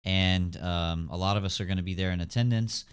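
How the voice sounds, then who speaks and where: Young guy hosting a gaming podcast, lowish smooth voice, rambly with lots of um and like. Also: fairly even intonation, a little fast. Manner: rambling, hedging with fillers. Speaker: podcast host. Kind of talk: casual chat.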